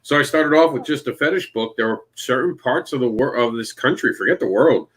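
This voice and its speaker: A man's voice: medium pitch, lively intonation, fairly quick, fairly bright tone, slightly rough. A man from Florida talking as a guest in a casual chat, brash and sarcastic, telling stories with voiced asides. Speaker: guest, comics creator.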